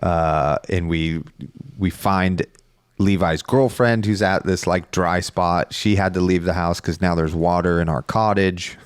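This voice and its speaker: Deep-voiced man telling a rambling story. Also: fairly even intonation, a little slow, smooth, dry recording, clean studio sound. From Northern California. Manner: rambling storyteller, laughs often. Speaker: podcast co-host. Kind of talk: casual chat.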